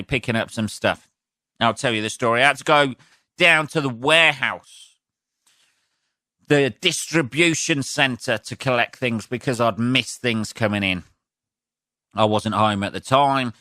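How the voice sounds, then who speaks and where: Hosting his own podcast, a man rambles and swears casually, sounding sniffly from sneezing and laughing at his own jokes. His medium-pitched voice is unhurried yet pushed and bright. The recording is dry, with clean studio sound.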